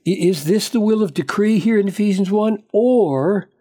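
A man preaching an expository Bible lesson, emphatic and deliberate, quoting verses and pressing each point home. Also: high voice, dark tone. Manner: emphatic, slow and deliberate with sudden bursts of speed on quotations.

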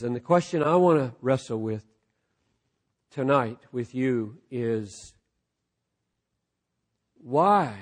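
A man preaching a sermon to a live audience with passion, dropping to a hush and then rising almost to a shout. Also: mid-range voice. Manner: impassioned, swinging from hushed to near-shouting. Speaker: pastor.

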